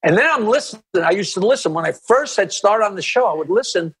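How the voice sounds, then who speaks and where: A male comedian, an interview guest, telling stories in an animated, rambling way with many restarts and asides. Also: high-pitched, fast talker, husky. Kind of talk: anecdotal storytelling in an interview.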